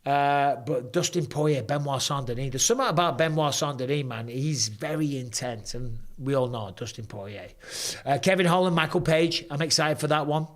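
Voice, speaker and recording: A man in his forties from England with an English accent, hosting a casual live-stream chat in a hoarse voice, telling stories animatedly with British slang. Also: mid-range voice, normal speed. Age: 40s. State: hoarse from throat trouble. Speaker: host.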